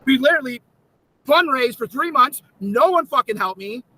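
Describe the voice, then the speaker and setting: A man's voice: very high-pitched, expressive, moderate pace, bright, forceful tone, poor audio. A man ranting angrily on a livestream, swearing constantly and repeating himself in indignation. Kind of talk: angry livestream rant.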